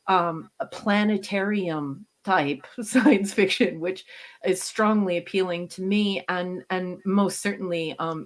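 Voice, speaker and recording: A Canadian woman in her fifties, a guest on a podcast, chatting casually and animatedly and laughing often. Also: lowish voice.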